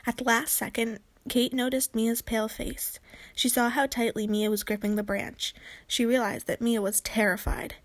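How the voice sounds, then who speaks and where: A woman reads a children's book aloud with clear, expressive storytelling. Her voice sits fairly high. The recording is dry and close. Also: normal speed, dry recording. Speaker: narrator.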